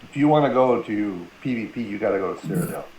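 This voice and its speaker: A man's voice: fairly low pitch, expressive, fast talker, a little mellow, echoey room, poor audio. A man chatting casually as a guest, rambling and joking with many fillers. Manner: rambling, filler-heavy, jokey. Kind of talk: casual chat.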